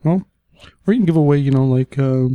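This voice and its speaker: A man's voice: medium pitch, brisk, dark tone, no room sound. An American man co-hosting a podcast, teasing dryly and agreeing along in casual banter. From United States. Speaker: podcast co-host.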